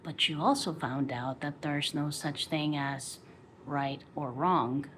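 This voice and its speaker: A woman vlogger rambling passionately through a story in a casual monologue. She speaks slowly in a lowish voice, slipping into near whispers, with faint noise behind her. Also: fairly bright tone.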